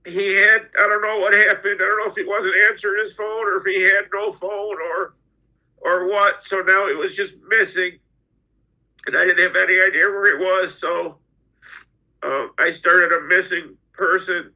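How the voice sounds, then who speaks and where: Middle-aged man, podcast guest, halting and repetitive, higher voice, dull lo-fi audio. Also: sharp tone. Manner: halting, repeats words as he goes. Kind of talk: personal storytelling.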